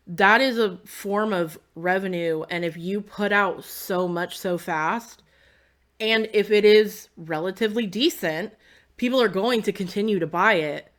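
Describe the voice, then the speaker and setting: A woman co-hosting a relaxed chat, speaking slowly in a low voice. She rambles through her thoughts with plenty of fillers, and a slight lisp from costume fangs softens her consonants. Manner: rambling, many "like" and "you know" fillers. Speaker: podcast co-host. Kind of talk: casual chat.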